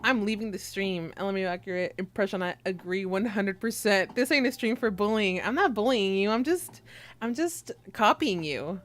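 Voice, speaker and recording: A woman's voice: medium pitch, animated, moderate pace, a bit bright. A young woman streamer chatting casually with her viewers, teasing and giggling as she reads the chat aloud.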